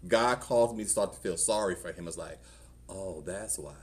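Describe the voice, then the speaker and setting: There's a little hiss or hum behind this lowish, brisk male voice. The speaker, a middle-aged pastor with a Southern US accent, recounts his own story in a conversational testimony sermon at church, performing the voices as he goes.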